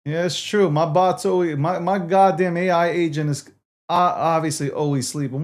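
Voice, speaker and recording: A man's voice: fairly high pitch, steady tone, moderate pace. A man hosting a livestream, talking casually to his viewers and swearing in exasperation as he repeats himself. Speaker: livestream host.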